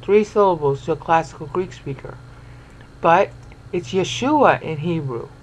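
With a deep, darkish voice at normal speed, a woman explains a Bible lesson over on-screen text, the audio sounding dull. She pronounces words syllable by syllable and checks in often with "okay?" and "all right?".

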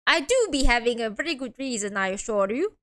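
A woman's voice: on the high side, very animated, fairly quick, fairly bright tone. Woman putting on an Irish defendant brogue. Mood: pleading. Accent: put-on Irish. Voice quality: wobbly overdone brogue. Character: cagey Irish male defendant on trial, pleading.

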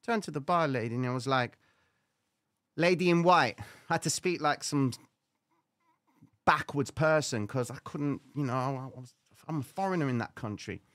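A man's voice: medium pitch, moderate pace, no echo, clean studio sound. A man who hosts a trading show, telling a story casually on a live stream, swearing and acting out his own lines. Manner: animated, swearing, acts out his own quotes.

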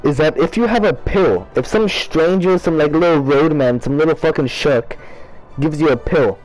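A man's voice: fairly high pitch, moderate pace, darkish tone, soft background music, low-quality recording. A young man chatting casually and profanely while playing a game, rambling about superpowers between frustrated outbursts. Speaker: gamer. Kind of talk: casual gameplay commentary.

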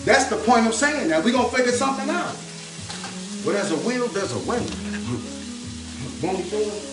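A man's voice: very high-pitched, very animated, brisk, distant mic. A man hosting his own cooking video, chatting through each step in an upbeat way and repeating a favorite catchphrase as he works at the stove. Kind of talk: casual cooking demonstration. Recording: roomy kitchen echo, mic set back, music underneath. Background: music and frying sizzle.

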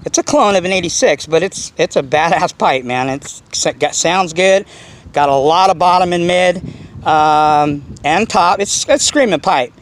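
A man's voice: on the high side, unhurried, a little hiss or hum, poor audio. A middle-aged man hosting a casual RC car vlog, rambling with lots of "you know" and repeating himself. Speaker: RC car vlogger.

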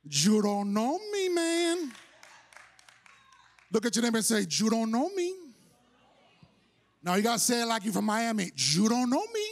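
High, animated shouting preacher man. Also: a little slow, vocal fry, pauses often. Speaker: pastor. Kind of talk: energetic storytelling sermon. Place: church sanctuary.

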